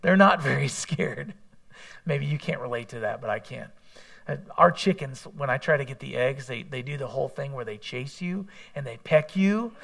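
A man's voice: medium pitch, vocal fry, fairly bright tone. A man preaching a sermon in a conversational way, mixing scripture with candid personal asides. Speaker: pastor.

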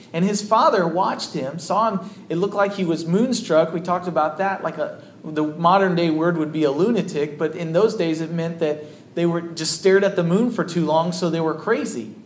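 A man's voice: sits high, echoey room, slight background noise. A man, a pastor, preaching a sermon in a conversational, storytelling way to a congregation.

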